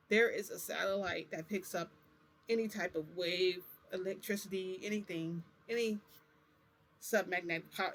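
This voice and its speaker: Rambling woman telling a story. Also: mid-range voice. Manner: rambling, full of "like" and self-corrections. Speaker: vlogger. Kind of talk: casual storytelling.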